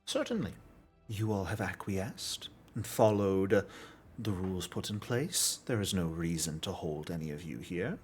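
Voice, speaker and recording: A man's voice: sits low, lively intonation, a little mellow, soft background music. A man playing a haughty, formal woman official. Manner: formal, measured and stately.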